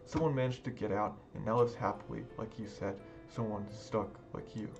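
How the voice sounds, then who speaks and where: Man doing a mysterious young pioneer from a visual novel, calm and knowing, low voice, steady, game music behind. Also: normal speed, lo-fi sound, lightly acted.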